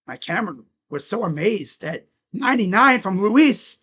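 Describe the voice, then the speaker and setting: A man calling a ball game live as a fan from his room at home, excitable, chatting to viewers and shouting at the players. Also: sits high, normal speed, breathy edge. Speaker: fan streamer calling play-by-play. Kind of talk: live fan reaction and play-by-play. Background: dogs barking.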